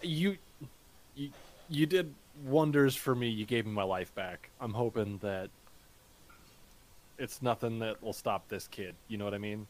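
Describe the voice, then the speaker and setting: A man playing a tabletop game, talking in character in a halting way with frequent restarts and fillers. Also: on the low side, a little mellow.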